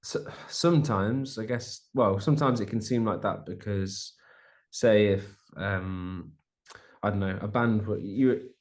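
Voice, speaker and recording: A man's voice: on the low side, a little slow, a little mellow. A young adult man, a musician guest chatting casually in an interview, rambling with many restarts and fillers.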